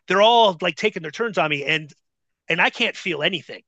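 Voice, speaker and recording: A man recounts a wrestling story in a casual, profanity-laced, animated way. His voice sits high with a bright, forward tone. The recording is dry and close. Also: a little fast, no echo. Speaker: podcast guest, former wrestler. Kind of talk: casual anecdote telling.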